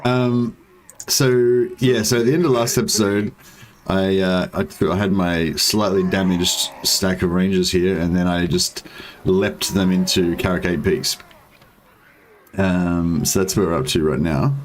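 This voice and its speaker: A man's voice: deep voice, fairly even intonation, unhurried. An Australian man casually chatting with viewers while livestreaming a strategy game and greeting them by name. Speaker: livestreaming gamer.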